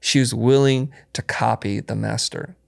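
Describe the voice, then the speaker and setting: A middle-aged man answering podcast questions as a guest, telling stories and acting out quotes with sudden jumps in pitch. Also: measured pace, vocal fry. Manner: storytelling, acts out quotes with lively jumps in pitch. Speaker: podcast guest, design educator. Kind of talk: conversational interview answers.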